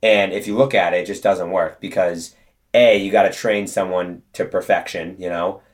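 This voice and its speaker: Casting: young guy, very deep voice, chatty interview guest, loose and rambling. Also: fairly even intonation, moderate pace. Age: 20s. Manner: chatty, storytelling with many fillers. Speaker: guest, detailing business co-owner. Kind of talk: casual interview talk.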